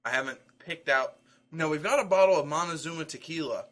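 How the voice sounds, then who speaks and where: A man co-hosts a loose, crude podcast chat. His voice is bright and forward, and he meanders between plans and jokes with frequent uhs. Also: on the high side, a little fast. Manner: rambling, crude jokey banter with filler. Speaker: podcast co-host. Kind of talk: casual chat.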